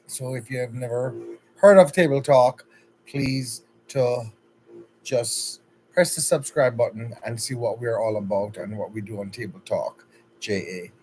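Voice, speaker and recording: A man's voice: mid-range voice, unhurried, a little mellow, slight background noise, poor audio. A man with a Jamaican accent hosting a casual livestream, chatty and upbeat, greeting viewers one by one by name. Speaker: livestream host.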